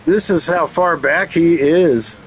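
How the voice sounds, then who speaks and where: This man takes it slowly, his voice a little high, as he calls a race for his channel and tosses in jokey, teasing remarks. The audio is poor, with slight background noise.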